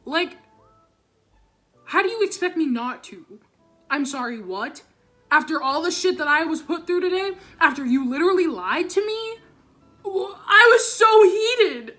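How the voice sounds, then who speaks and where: A woman's voice: sits high, expressive, normal speed, pushed and bright. A teenage girl telling a storytime vlog, ranting with heavy profanity and constant "like" fillers, recorded on a camera or phone mic. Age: teens. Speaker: vlogger.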